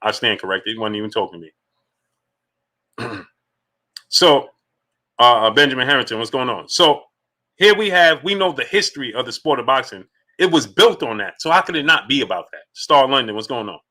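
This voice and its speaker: A man's voice: medium pitch, lively intonation, moderate pace, pauses often, bright, forceful tone. A man hosting a live boxing stream, greeting viewers in the chat by name and firing off rhetorical questions. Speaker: boxing livestream host.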